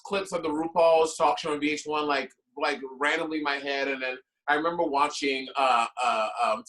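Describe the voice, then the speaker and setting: A man's voice: a little high, a bit bright, poor audio. A drag performer who is a man, telling a personal story on a panel in a gushing, chatty way. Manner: effusive and chatty, gushing with feeling.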